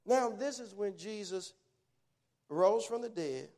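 A man's voice: sits high, animated, slow, dark tone. A man preaching a sermon, emphatic and punchy, telling folksy stories and asking rhetorical questions. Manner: emphatic, punchy short phrases.

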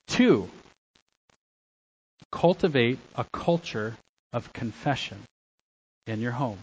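A middle-aged male pastor preaching at an unhurried, deliberate pace. He pushes hard on key lines, then drops to quiet, intimate asides. His voice sits in a mid register. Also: medium pitch, animated, husky, lo-fi sound. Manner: emphatic preaching, swings between loud exhortation and quiet asides. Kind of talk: sermon.

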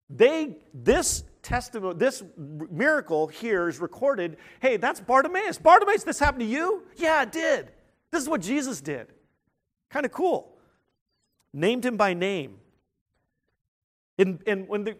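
A man preaching a sermon in an animated, emphatic way, with sudden loud outbursts and questions put to his listeners. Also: sits high.

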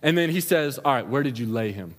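Male pastor, laid-back slangy sermon, mid-pitched voice, long hall reverb. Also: expressive, brisk. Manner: casual, slangy storytelling preacher.

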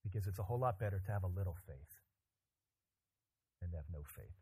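Guy preaching a sermon, kinda husky voice, jokey and animated, gets loud on the big points. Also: low voice, fast talker. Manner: animated, joking preaching with loud emphatic climbs. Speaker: pastor.

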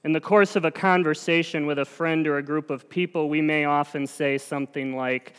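A man preaching in a church sanctuary, earnest and conversational, sometimes poking fun at himself. His smooth, resonant voice rings out with a long reverb that fills the hall. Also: fairly high pitch, fairly even intonation, moderate pace, hardly any pauses, a bit bright. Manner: earnest, self-deprecating and conversational. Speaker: lay preacher. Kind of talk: sermon.

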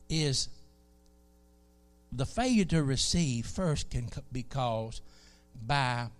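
A man from South Alabama with a Southern accent, preaching a sermon in a folksy, animated way. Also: medium pitch.

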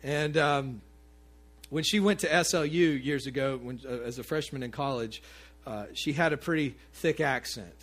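A man preaching a sermon to his congregation in a conversational, animated way, with asides to the listeners. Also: mid-range voice, normal speed. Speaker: pastor.

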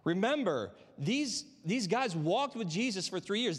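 Conversational pastor in a reverberant sanctuary. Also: male voice, high-pitched, sing-song, measured pace. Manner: conversational, with rhetorical tag questions. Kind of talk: sermon. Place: church sanctuary with live congregation.

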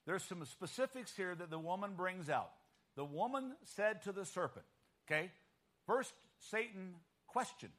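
Preacher guy, high voice that swoops all over, keeps asking if you're with him. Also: lively intonation, a little slow, a bit bright. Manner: emphatic, keeps checking in with listeners. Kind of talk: sermon.

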